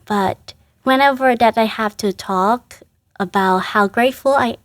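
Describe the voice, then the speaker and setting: A woman from Vietnam, a Catholic sister, speaking in a halting, earnest way and laughing softly between phrases as an interview guest. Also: a little high, no room sound, studio quality. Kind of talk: casual interview.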